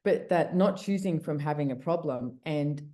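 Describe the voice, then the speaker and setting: A woman with a low, mellow voice talks over a video call. She is chatty and blunt, restarting her sentences and swearing now and then. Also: normal speed. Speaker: podcast host and guest speaker. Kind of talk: casual call conversation.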